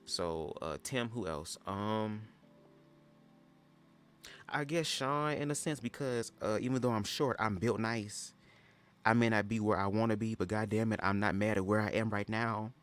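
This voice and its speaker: Sassy low-voiced man on a livestream. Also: measured pace, fairly bright tone, smooth. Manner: chatty, sassy, keeps addressing listeners as "girl". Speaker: livestream host reading a book aloud. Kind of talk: casual livestream commentary.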